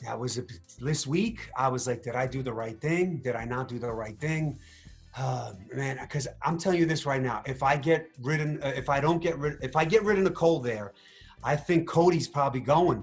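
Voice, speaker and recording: A man in a casual interview, telling his story with animated energy, acting out what he said and thought. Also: a little high. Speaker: reality show contestant interviewed.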